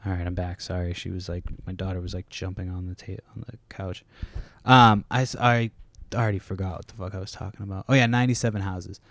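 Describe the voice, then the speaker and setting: A man's voice: sits low, fairly even intonation, quick pace, vocal fry, fairly bright tone, no echo. A man hosting a casual solo podcast from home, rambling, swearing often and stopping mid-sentence to restart. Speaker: podcast host. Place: home, kids nearby.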